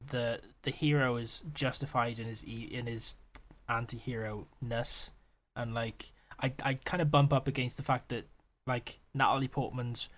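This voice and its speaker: A young man chats into a podcast mic, circling his points with lots of "like" and "um", laughing as he goes. His voice sits at an ordinary middle pitch. He is loose and profane, an easygoing film-chat co-host. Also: fairly even intonation, moderate pace, a bit bright. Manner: rambling, laughs often, swears casually.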